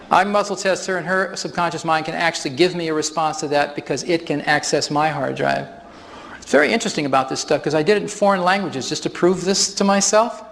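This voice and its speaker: A man's voice: on the high side, creaky, fairly bright tone. A man presenting a live stage demonstration at a workshop, explaining as he goes and chuckling often. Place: large hall with audience. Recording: reverberant hall.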